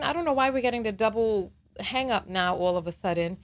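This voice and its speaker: A woman hosting a live call-in show, talking casually and telling stories in an animated way, leaning on "you know" and "right?". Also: a little high, brisk, hardly any pauses, music in the background. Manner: animated storytelling.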